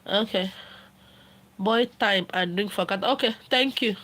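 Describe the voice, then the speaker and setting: A middle-aged woman with a Nigerian accent, talking casually on a livestream, animated and laughing often, switching between Pidgin and Igbo and acting out quotes. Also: mid-range voice, measured pace. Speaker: livestream host.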